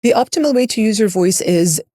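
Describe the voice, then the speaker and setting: A woman's voice: medium pitch, expressive, brisk, dark tone, no echo, clean studio sound. A woman voice coach explaining ideas in an interview, in an instructive way that uses lists and rhetorical questions. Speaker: voice and public speaking coach.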